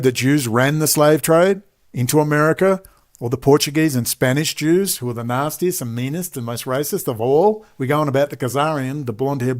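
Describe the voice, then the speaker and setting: An Australian man delivering a combative, sarcastic ranting monologue to camera, talking loudly. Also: medium pitch. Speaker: online commentator.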